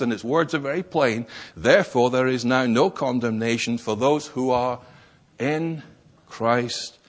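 A man's voice: a little high, fairly bright tone, breathy edge. A man preaching a sermon, stressing key words and posing rhetorical questions.

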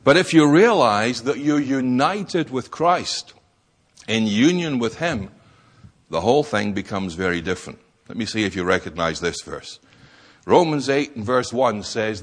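A man's voice: mid-range voice, expressive, a little slow. A man preaching a sermon, stressing key words and posing rhetorical questions.

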